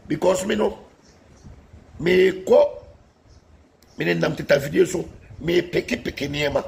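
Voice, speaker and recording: A man's voice: a little high, measured pace, gravelly, long pauses, darkish tone. A man delivering a heated political rant, combative and scolding, repeating warnings at his critics. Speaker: political commentator.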